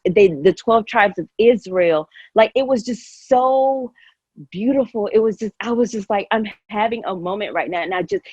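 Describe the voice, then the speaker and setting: A woman's voice: mid-range voice, darkish tone, husky, no echo, highs cut off. A woman guest in casual conversation, talking in an emotional, effusive, rambling way with many fillers. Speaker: podcast guest.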